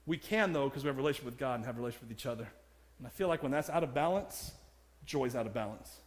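A man's voice: medium pitch, lively intonation, racing, big-room sound. A man preaching a sermon in a church, joking about himself and laughing often as he speaks. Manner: humorous, self-deprecating, laughs often. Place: church sanctuary.

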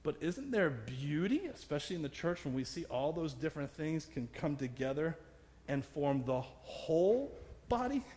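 A man's voice: a little high, sing-song, moderate pace, darkish tone, in a large hall. A man preaching a sermon in a church, joking about himself and laughing often as he speaks. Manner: humorous, self-deprecating, laughs often. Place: church sanctuary.

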